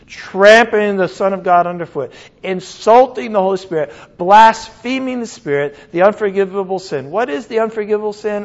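A male pastor preaching a sermon in an animated, conversational way, with many asides and check-ins to the congregation. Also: high voice, muffled recording.

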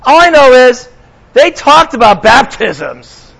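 A man's voice: very high voice, big pitch swings, takes it slowly, gravelly, a bit bright, rough recording. A man preaching a sermon as pastor, talking conversationally to his congregation and slipping in sarcastic asides.

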